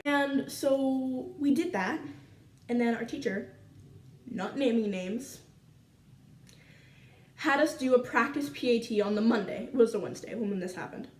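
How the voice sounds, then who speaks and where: A teenage girl from Canada telling a school story to her viewers in a chatty, animated way full of fillers. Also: on the high side, a little slow, long pauses, echoey room, distant mic. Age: teens. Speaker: vlogger. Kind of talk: casual storytime chat.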